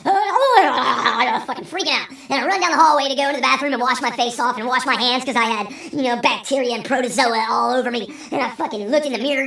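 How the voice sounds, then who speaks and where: A woman hosting a storytelling vlog, talking in an animated, profane, rambling way. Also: high voice. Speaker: vlog host. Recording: roomy sound, distant from mic.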